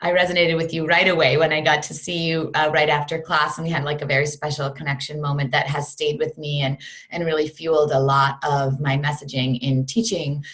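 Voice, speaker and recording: A woman's voice: deep voice, little pitch movement, brisk, fairly bright tone. A woman from the United States, a fitness program creator, telling her story earnestly in an interview on a video call.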